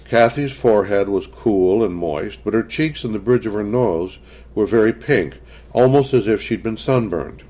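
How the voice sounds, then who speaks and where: A man narrating a story in measured, scripted storytelling. His voice moves freely up and down, giving the reading an animated shape. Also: fairly low pitch.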